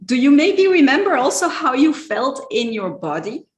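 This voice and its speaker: A woman podcast host asking gentle, probing interview questions. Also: sits high, big pitch swings, normal speed. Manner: gentle, probing, with some restarts. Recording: roomy echo.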